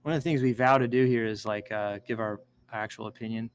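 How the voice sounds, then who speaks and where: Here a man with a lowish, fairly evenly intoned voice talks a little fast while hosting a casual show. He reads posts aloud, then drifts off into eager personal tangents, cutting himself off as the commentary rambles. The recording is poor, with a little hiss or hum.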